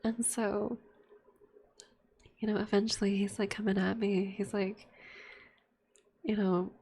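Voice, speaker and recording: A young woman talks in a whispered ASMR chat, her voice airy and breathy at an ordinary middle pitch. She tells her story candidly with plenty of fillers and swearing. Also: level tone, takes it slowly, mellow. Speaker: streamer.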